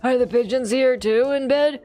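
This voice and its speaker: A woman voicing a gravelly old man in game dialogue on a stream, grumbling dry asides. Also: sits high, normal speed, dark tone, faint music behind, natural voice. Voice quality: graspy, gravelly put-on voice.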